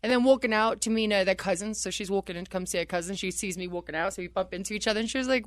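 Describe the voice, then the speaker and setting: A woman in her thirties tells stories from her career on a radio talk show. She talks in a lively, animated way, laughing and acting out what others said. The sound is dry and close. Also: mid-range voice, fast talker, few pauses, no room sound. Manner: animated, laughs often, acts out quotes. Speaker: wrestler guest. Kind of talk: casual radio interview storytelling.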